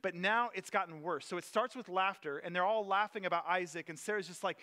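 A man's voice: high voice, a little fast, few pauses, bright, forceful tone. A young man giving a casual sermon, reading scripture aloud and retelling it in plain, conversational words. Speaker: preacher.

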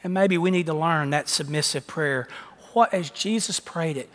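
A man's voice: a little high, moderate pace, few pauses, a bit bright. A man preaching a sermon, emphatic, often repeating his phrases for emphasis. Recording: long echo of a large hall.

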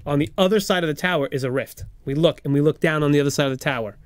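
A man co-hosting a podcast, excitedly improvising a comedic story and firing off rapid questions. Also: a little high, no echo. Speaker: podcast co-host.

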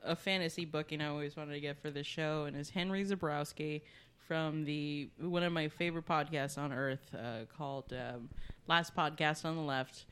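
A woman's voice: low voice, steady tone, normal speed, a bit bright, smooth. A woman co-hosting a podcast, telling stories in casual chat and laughing often. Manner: laughing, storytelling, chatty. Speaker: podcast co-host.

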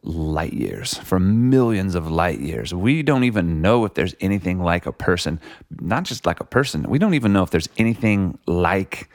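A man's voice: low-pitched, sing-song, normal speed, a little mellow, dry recording, studio quality. A man talking reflectively in a casual conversation, rambling with lots of "like" and "you know". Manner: reflective, rambling, many likes and you knows.

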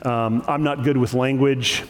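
A man preaching a sermon, lively and emphatic, with joking asides. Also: medium pitch, unhurried, in a large hall. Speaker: pastor.

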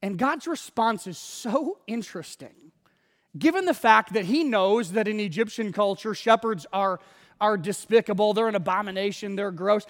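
A man's voice: high voice, moderate pace, fairly bright tone. A man preaching a sermon as pastor, telling the story with animation and acting out the quotes. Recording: long reverb of a large hall.

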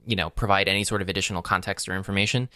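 Man, podcast co-host, casual tech chat, bright clear voice, dry close mic. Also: sits low, fairly even intonation, rapid-fire, no room sound. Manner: rambling, many fillers and restarts.

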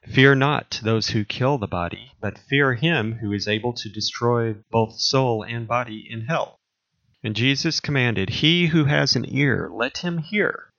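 A man preaching, reading a long series of scripture commands aloud in a measured, solemn way. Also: medium pitch, a bit bright. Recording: dull lo-fi recording.

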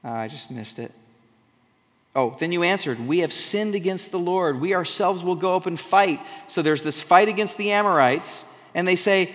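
A man's voice: sits high, moderate pace, a bit bright. Man preaching in a reverberant hall. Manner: reads scripture aloud, then explains it in casual, conversational asides. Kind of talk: sermon with scripture reading.

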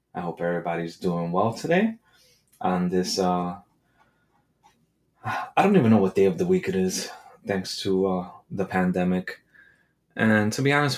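A man hosting his own podcast in a casual, irreverent monologue, joking and swearing with quick asides. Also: sits low, a little mellow. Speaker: podcast host.

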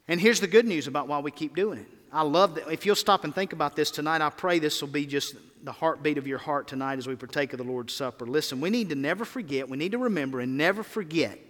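A man's voice: on the high side, fairly bright tone. Man preaching in an echoing church. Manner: preaching with emphatic rises and falls, rhetorical questions. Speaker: pastor. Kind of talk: sermon.

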